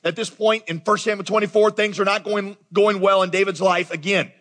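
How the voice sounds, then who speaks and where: Man, pastor, conversational and animated sermon, light high voice, long hall reverb. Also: brisk. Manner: conversational, animated preaching with asides to the congregation. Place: large church auditorium.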